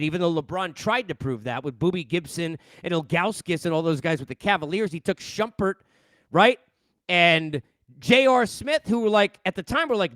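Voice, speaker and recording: New guy ranting about hoops on a headset, high voice, really dry sound. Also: no echo. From New York. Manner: animated, ranting, blunt. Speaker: podcast host. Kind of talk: solo sports rant.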